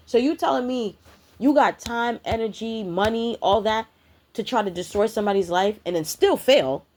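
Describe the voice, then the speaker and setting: A woman's voice: mid-range voice, darkish tone. Woman, spiritual vlogger, profane confrontational rant. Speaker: spiritual content creator. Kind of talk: ranting vlog monologue.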